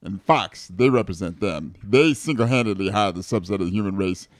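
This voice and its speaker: A man co-hosting a comedy radio show, rambling and halting through his lines with plenty of fillers, from a studio microphone. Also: low voice, no echo. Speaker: radio co-host.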